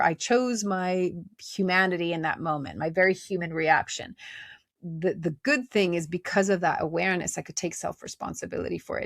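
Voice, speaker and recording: A woman hosting a podcast, speaking in a gentle, conversational way with many fillers as she reflects on inner life. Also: lowish voice, gravelly, no echo, clean studio sound. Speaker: podcast host. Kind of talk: reflective spiritual talk.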